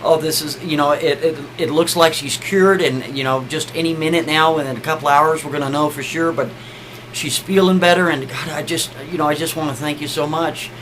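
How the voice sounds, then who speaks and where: Flustered, thankful husband, as a storyteller puts him on; stumbles and repeats. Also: male voice, fairly high pitch, steady tone, a little fast, fairly bright tone, slight background noise, close to an everyday voice, poor audio. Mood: effusive. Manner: stammering, effusive thanks. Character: grateful, flustered middle-aged husband.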